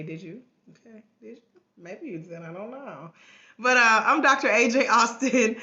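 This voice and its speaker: A woman hosting a casual livestream from home, hoarse with a cracking voice, chatting and greeting viewers by name through a tablet mic. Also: medium pitch, sharp tone. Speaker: life coach trainer hosting a livestream. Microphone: tablet microphone. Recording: grainy lo-fi livestream audio.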